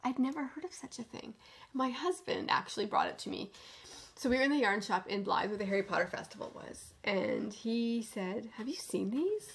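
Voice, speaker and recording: This knitting podcast host talks briskly in a fairly high voice with vocal fry. Her casual chat is effusive and enthusiastic, frequently dipping into a soft near-whisper.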